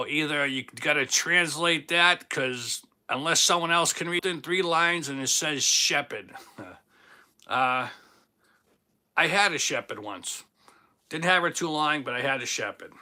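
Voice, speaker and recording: A man's voice: a little high, bright, forceful tone. A man in his fifties with a Boston accent, hosting a casual livestream, joking and chatting as he reads viewer comments. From Boston, Massachusetts. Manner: jokey, chatty, self-teasing. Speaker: livestream host.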